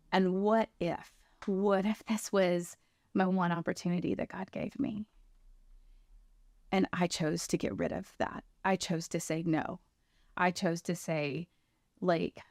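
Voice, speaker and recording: A woman's voice: lowish voice, no room sound, studio quality. A woman in her thirties sharing a personal testimony, earnestly telling her story and acting out what people said to her. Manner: earnest storytelling, acts out quoted dialogue.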